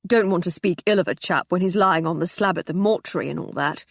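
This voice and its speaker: A woman's voice: medium pitch, big pitch swings, normal speed, slightly rough, no room sound, clean studio sound. A woman voicing a red-faced, slightly drunk upper-class man who blusters and slurs a little. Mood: blustering. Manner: blustering, slurring, dismissive.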